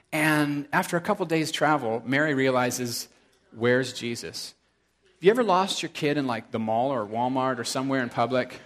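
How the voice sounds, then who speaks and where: A middle-aged male pastor preaching a sermon in a casual, storytelling way, with frequent asides to the congregation. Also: on the high side.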